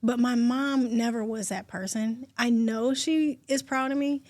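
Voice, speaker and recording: Heartfelt, expressive woman in her forties. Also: on the high side, a little slow, dry recording. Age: 40s. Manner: heartfelt and expressive, talks openly and at length. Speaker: podcast co-host. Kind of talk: casual podcast chat.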